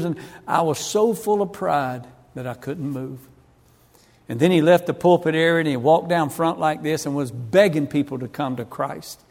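A man's voice: on the high side, moderate pace. A middle-aged man from North Carolina, telling his conversion story as a sermon, acting out the voices of the people in it. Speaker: evangelist giving his testimony. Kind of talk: sermon testimony. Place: church hall. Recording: long hall reverb.

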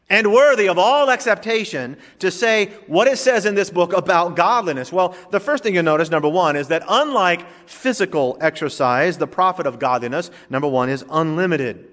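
A man's voice: high-pitched, expressive, normal speed, fairly bright tone. A male pastor preaching a sermon in a conversational, joking way, in a church sanctuary. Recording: long reverb of a large hall.

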